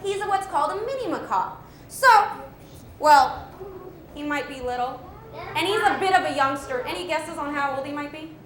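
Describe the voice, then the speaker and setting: High-voiced woman teaching kids about animals. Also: expressive, normal speed, roomy sound. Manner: upbeat, asks the audience questions, laughs often. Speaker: wildlife educator. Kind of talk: live animal presentation to an audience of children.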